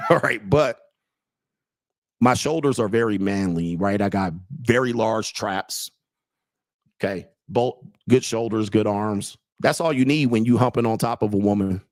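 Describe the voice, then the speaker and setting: With a fairly low voice and a measured pace, a host and dating coach in his late forties works through chat on his livestream. His humor is crude and blunt, full of mockery and laughter at his own jokes, and there's no echo.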